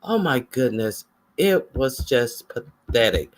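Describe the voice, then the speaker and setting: A man's voice: mid-range voice, big pitch swings, slow. A man giving casual, gossipy livestream commentary and chatting with his viewers.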